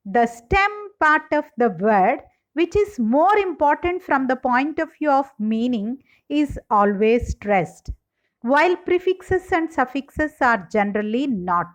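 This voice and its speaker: A woman giving a slide-based English lecture, reading out example words one by one in a slow, deliberate way. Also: sits high, sing-song.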